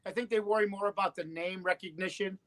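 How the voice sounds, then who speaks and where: A man, a guest comedian from the United States, chatting casually on a podcast in a relaxed, rambling way. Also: high voice, fast, over a noisy crowd.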